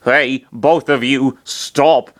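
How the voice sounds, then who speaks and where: A man reading aloud as an excitable young gamer hero who speaks slowly and earnestly, at times sarcastic. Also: mid-range voice. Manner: slow, earnest, a bit sarcastic.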